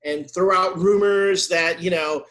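A man co-hosting a casual podcast chat, talking in an animated, exasperated, ranting way. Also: high voice, measured pace. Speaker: podcast co-host.

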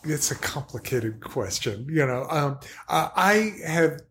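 A man's voice: fairly high pitch, animated, slow, a bit bright, slight background noise. A man hosting a podcast, speaking in a reflective, hesitant way with many fillers. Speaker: podcast host. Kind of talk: casual conversation.

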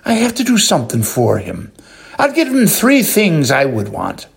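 A man putting on a squeaky, pushy little leprechaun. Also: wildly swooping pitch, normal speed, vocal fry, husky, exaggerated voice. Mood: eager. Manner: eager, prodding, squeaks up in surprise.

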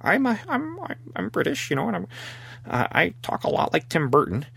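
A man's voice: a little high, wildly swooping pitch, fairly quick, gravelly, fairly bright tone, breathy edge, dry recording, voice pushed up, heavily acted. A man doing a mock impression of a British actor, stammering and hesitant. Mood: flustered. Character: British actor, rambling and halting.

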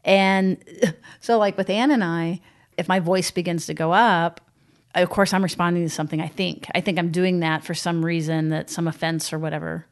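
A woman's voice: on the low side, steady tone, normal speed, clear, resonant tone. A woman co-hosting a podcast, explaining ideas in a casual, conversational way with easy laughter. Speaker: podcast co-host. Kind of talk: casual chat.

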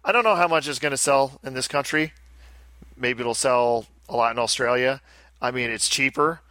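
Chatting casually on a podcast he co-hosts, a man rambles and keeps interrupting himself to start sentences over. He speaks at medium pitch and moderate speed with a sharp tone, and the audio has no echo.

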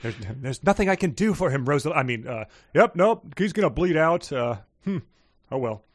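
A man's voice: a little high, animated, moderate pace, no room sound, studio quality. A man playing an offhand male vampire doctor who shrugs off a dying patient. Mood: flippant. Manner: flippant, shrugging.

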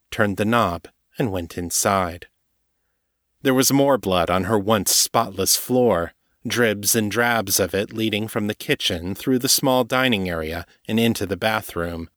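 A man narrates a novel in a steady, measured audiobook read. His voice sits on the low side, recorded close on a studio mic in a dry space with no room sound. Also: dry recording.

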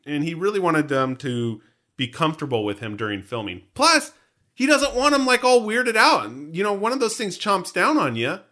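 A man's voice: sits high, very animated, normal speed, sharp tone. A man co-hosting a podcast in casual, jokey chat, often laughing. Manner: chatty, jokey, frequent laughter. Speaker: podcast co-host.

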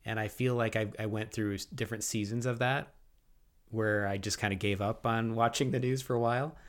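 Podcast co-host, male, lower register, earnest and reflective, restarts often. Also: steady tone, a little fast. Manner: earnest, thoughtful, frequent restarts. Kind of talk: reflective faith podcast talk.

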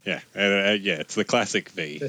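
A man talking in a relaxed, casual chat and laughing as he talks. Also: deep voice, moderate pace, crowd noise.

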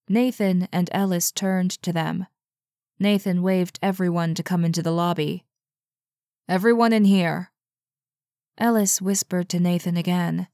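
Slow, low-voiced woman narrating a story. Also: mellow, dry recording, studio quality. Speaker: audiobook narrator. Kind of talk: scripted narration.

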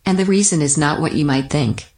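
A low-voiced, deadpan company voicemail greeting, as a woman puts it on. She reads absurd official statements in a matter-of-fact corporate manner. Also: a little fast. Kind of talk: comedic scripted voicemail.

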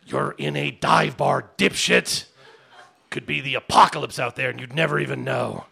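A man playing a gravelly, scornful barfly. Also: medium pitch, fairly even intonation, normal speed, bright, forceful tone, full character voice. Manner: sarcastic, scornful. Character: grumpy older bar regular, sarcastic and tough. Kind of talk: comedy audio drama.

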